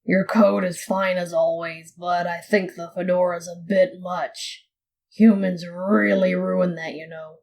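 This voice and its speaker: A woman's voice: on the low side, steady tone, measured pace, darkish tone. Woman doing blunt, unimpressed Undyne. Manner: blunt, mumbling. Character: gruff, unimpressed female fish-monster detective. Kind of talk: fan audiobook reading.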